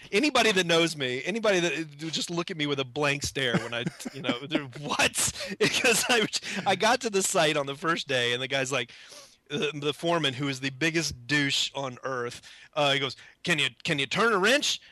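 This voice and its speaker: A man's voice: a little high, lively intonation, brisk, bright, forceful tone, no echo. A man casually telling a self-mocking story, acting out his own shocked reactions. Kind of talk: casual anecdote.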